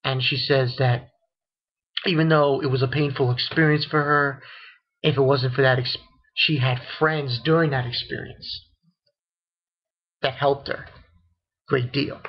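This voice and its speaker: Husky-voiced man rambling through a recap. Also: mid-range voice, steady tone. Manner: rambling, repeats fillers like "you know"; acts out characters' lines in quick bursts. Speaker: anime reviewer. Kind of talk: casual episode recap. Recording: dull lo-fi home recording.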